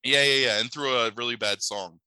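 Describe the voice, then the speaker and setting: A man tells the plot of a cheesy film in a rambling, profane, disbelieving way, full of filler "like"s. His voice is very bright and forceful. The sound is dry and close. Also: mid-range voice, fairly quick, smooth, no echo, poor audio. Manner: rambling, profane and incredulous, heavy on "like". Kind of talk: casual movie recap.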